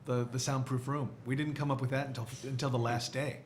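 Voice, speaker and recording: A man's voice: mid-range voice, flat delivery, fairly quick, slight background noise. A man in his sixties, a guest, chatting and explaining things in casual banter. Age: 60s.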